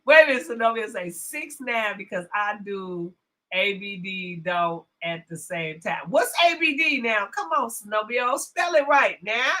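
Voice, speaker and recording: Brash, animated woman livestream host. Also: medium pitch, a little slow. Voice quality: brash, profane, swings from loud to hushed asides. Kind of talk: casual livestream rant.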